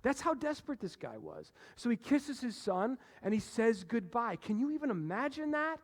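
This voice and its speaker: A man preaching a sermon as pastor, animated, moving between loud emphasis and hushed low passages. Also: normal speed, hardly any pauses. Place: church sanctuary. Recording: long reverb of a church hall.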